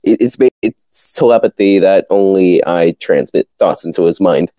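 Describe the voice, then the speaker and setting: A man's voice: sits low, moderate pace, warm tone, no room sound. A man playing a tabletop game, laid-back, explaining his character's actions plainly. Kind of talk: casual tabletop role-play.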